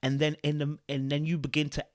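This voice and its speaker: A man, hosting a podcast and reading out fan comments in a chatty, animated way that often repeats itself. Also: on the high side, a little fast, no echo, studio quality. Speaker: podcast host.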